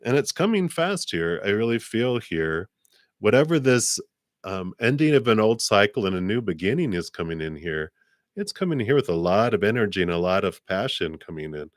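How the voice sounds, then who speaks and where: A man's voice: big pitch swings, moderate pace, no room sound, clean studio sound. A man doing a live tarot card reading, chatty and laughing often. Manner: chatty, laughs often, voices guides with sassy high "girl".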